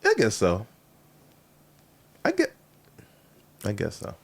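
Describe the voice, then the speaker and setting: A man with a low voice chats in a loose, teasing way, giving blunt feedback on joke ideas. His pitch swings widely and he breaks into laughter often. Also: huge pitch swings, slow, creaky, slightly rough. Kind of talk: casual chat.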